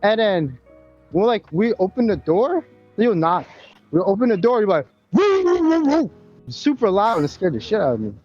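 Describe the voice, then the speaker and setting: A man rants crudely to his friends, his voice pitched high for a man. His pitch swings up and down as he talks. The mic sounds dull and lo-fi, with faint music behind him. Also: moderate pace. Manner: ranting, animated, crude. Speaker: podcast co-host. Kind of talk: casual chat.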